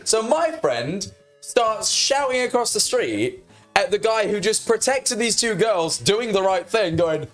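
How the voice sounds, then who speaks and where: A young man tells stories in loose, casual chat. His pitch sits a little high and swings widely as he gets into it, often rising to a yell. He talks into a streaming microphone. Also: measured pace, faint music behind. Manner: animated, gets loud and yells when telling stories. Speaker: podcast co-host.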